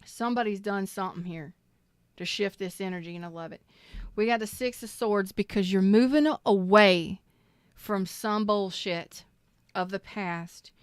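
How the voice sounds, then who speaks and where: Woman doing a live tarot reading, swears a lot, gets worked up and preachy, smooth clear voice, dry close sound. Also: mid-range voice, normal speed, dry recording. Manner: emphatic, swears freely, preachy; emotional, close to tears. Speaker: tarot reader.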